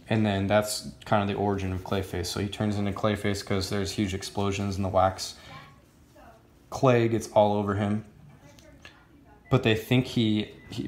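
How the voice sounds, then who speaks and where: A man's voice: fairly low pitch, steady tone, moderate pace, echoey room, slight background noise. A man giving a casual comic book review, rambling and filling his talk with "um" and "like". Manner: rambling, many fillers like "um" and "like".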